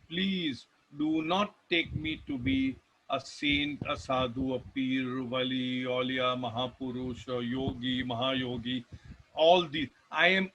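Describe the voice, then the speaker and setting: A devotional speaker with an Indian English accent gives a rambling spiritual talk, telling stories, restarting sentences and reeling off emphatic lists. His voice is medium-pitched, pushed and bright, on a low-quality recording.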